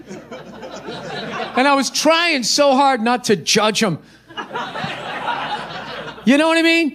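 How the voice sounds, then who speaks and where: A man with a high, reedy voice rants through a stand-up set, swearing freely and mocking everything in sight. He performs before a live audience, and his tone is sarcastic and exasperated. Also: slow, long pauses, fairly bright tone. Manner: ranting, profane, mocking. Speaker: stand-up comedian. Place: live comedy venue with audience.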